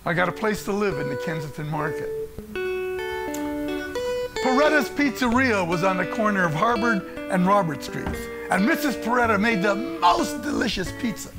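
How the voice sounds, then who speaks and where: An older man telling a true story on stage in an animated way, often laughing between lines. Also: sits high, moderate pace, over loud music. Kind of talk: theatrical solo storytelling.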